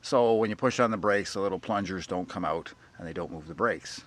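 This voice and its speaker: Low-voiced folksy man fixing his car. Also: brisk. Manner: rambling, folksy and self-deprecating. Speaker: DIY car repair vlogger. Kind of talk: casual how-to talk while working. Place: outdoors beside a jacked-up car.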